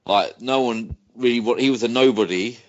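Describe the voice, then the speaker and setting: A man's voice: mid-range voice, moderate pace. Blunt, sardonic man, lo-fi podcast. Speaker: podcast co-host. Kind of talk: casual chat.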